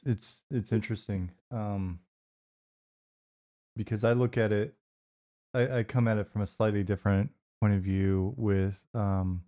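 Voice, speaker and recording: Male interview host, low warm voice, thoughtful and measured. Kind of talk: casual interview chat.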